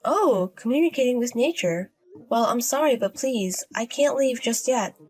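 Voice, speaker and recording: A woman voicing an unbothered young woman who gambles, speaking in a low-key deadpan way in a storybook. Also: normal speed, lightly acted.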